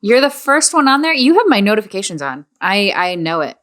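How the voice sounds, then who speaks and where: A woman's voice: medium pitch, very animated, brisk, a bit bright. A young woman co-hosting a podcast, chatting casually and teasing her friend. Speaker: podcast co-host. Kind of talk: casual chat.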